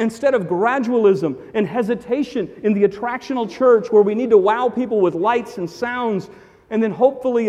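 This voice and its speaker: A man's voice: sits high, mellow. A male pastor preaching a sermon, emphatic and repeating his key phrases for weight. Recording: long reverb of a large hall.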